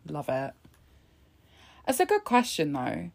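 A woman's voice: a little high, huge pitch swings, slow, creaky, long pauses, a little mellow. A woman giving casual, sarcastic live commentary, laughing often and throwing in sassy asides. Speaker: live commentator on a press conference.

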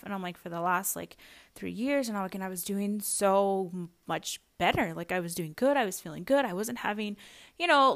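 A young adult woman hosting a podcast, telling a personal story in a chatty way, with lots of fillers and little laughs. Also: medium pitch. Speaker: podcast host.

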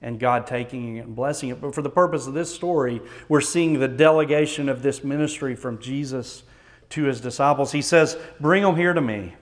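A man's voice: mid-range voice, fairly quick. Texan male pastor, mid-range voice, earnest sermon delivery with strong dynamic swings.

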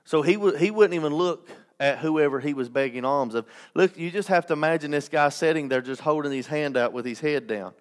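A man's voice: on the high side, a little fast, hardly any pauses. A man preaching a sermon as pastor, impassioned, with restarts and joking asides.

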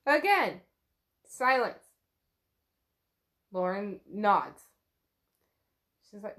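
A woman with a fairly high voice recaps a novel's chapter for her podcast in a relaxed, chatty way. She paraphrases the characters loosely, drops in the odd swear word and laughs easily. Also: unhurried, long pauses. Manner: retells scenes loosely with "she's like", swears, laughs often. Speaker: book podcast co-host. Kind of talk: casual book recap chat.

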